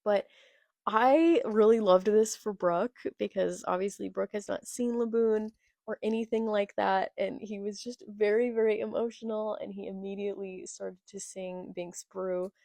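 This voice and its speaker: Young woman gushing about her reading, chatty and excited, dry close sound, no room at all. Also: medium pitch, normal speed, vocal fry, no echo. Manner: enthusiastic, gushing. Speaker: manga reaction vlogger. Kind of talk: casual chat.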